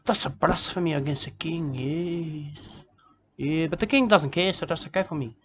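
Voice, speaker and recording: Comic bushman poet, self-important and repetitive, raised pitch, put on by a man. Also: normal speed, slight background noise, natural voice. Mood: rambling. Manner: rambling, repetitive, ends lines with "okay?" and "mate". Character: rambling self-important male Australian bush poet. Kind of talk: comic character monologue.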